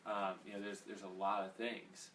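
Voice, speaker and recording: A man's voice: deep voice, completely flat delivery, normal speed, fairly bright tone, recorded from a distance. A man leading a casual Bible study, rambling and conversational, with plenty of fillers. He sits a little away from the mic, and faint noise hangs in the background.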